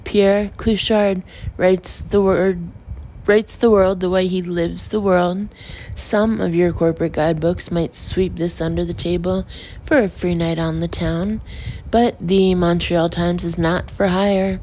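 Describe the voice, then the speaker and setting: A woman's voice: on the low side, flat delivery, a little slow, warm tone, lo-fi sound, close to an everyday voice. A woman doing a pompous older travel writer. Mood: indignant. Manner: blustering, raised voice.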